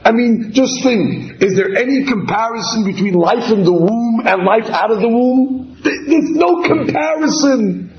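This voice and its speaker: A man teaching a Torah class in an animated storytelling sermon. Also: very high voice, measured pace, hardly any pauses, crowd noise. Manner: animated storyteller acting out dialogue. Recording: slightly dull, roomy recording.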